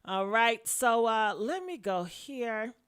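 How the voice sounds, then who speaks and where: Sassy, lively woman dishing celebrity gossip. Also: on the high side, slow pace, smooth. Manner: sassy and blunt, calls listeners "honey", swears freely. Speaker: host of a gossip commentary show. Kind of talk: casual celebrity gossip commentary, reading comments. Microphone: camera mic with headphones on.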